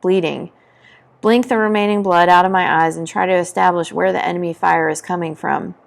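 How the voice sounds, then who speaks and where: A woman's voice: fairly low pitch, steady tone, fairly quick, gravelly. A woman presenting a book talk, reading a novel excerpt aloud with dramatic delivery and spoken battle sound effects.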